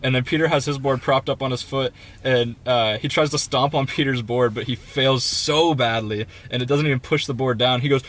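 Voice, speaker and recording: A man's voice: mid-range voice, a little fast, few pauses. A young man co-hosting a podcast, telling a story in casual chat and acting out the people in it. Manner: animated, quotes people in raised voices. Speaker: podcast co-host.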